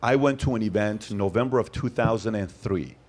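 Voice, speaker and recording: A man's voice: on the low side, brisk. A man hosting a podcast, talking emphatically and telling stories. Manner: emphatic, storytelling, animated asides. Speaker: host. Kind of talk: casual podcast chat.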